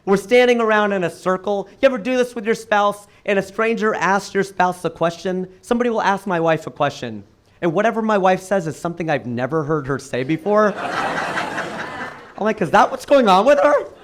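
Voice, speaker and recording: A man performing a stand-up comedy set, with animated punchline delivery and acted-out quoted voices. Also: high-pitched, normal speed, slight background noise. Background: audience laughter.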